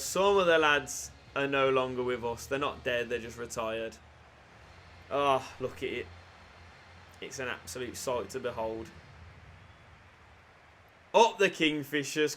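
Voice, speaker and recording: Bright-voiced gaming commentator. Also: male voice, medium pitch. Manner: swings from hushed muttering to yelling celebrations. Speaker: gaming YouTuber. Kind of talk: excited gameplay commentary.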